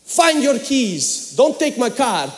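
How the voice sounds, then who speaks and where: A man doing an exasperated Romanian mother, her accent thick and her voice pitched up as she scolds her son. She sounds high and sharp. Long reverb from a big church hall trails after each word. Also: sing-song, slow pace, heavily acted. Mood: scolding. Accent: Romanian, put on. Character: scolding Romanian mother, middle-aged woman.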